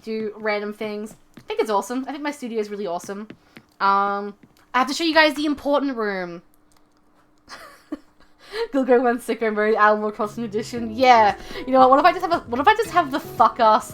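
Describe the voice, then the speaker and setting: A woman's voice: mid-range voice, a little fast, fairly bright tone. A young woman streaming, chatting casually in a playful, rambling, giggly way. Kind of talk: casual live-stream chat.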